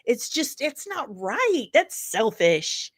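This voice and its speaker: Midwestern woman host in her forties, jokey and ranting, a touch high-pitched, dry room. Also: big pitch swings, slow, dry recording. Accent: Midwestern American. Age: 40s. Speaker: pop culture news host. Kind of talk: casual chat reacting to chat.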